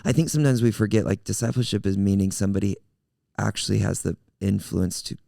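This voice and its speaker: A male pastor in casual podcast chat, telling a story in an animated way and acting out the quotes. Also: on the low side, fast talker, creaky, no echo, clean studio sound.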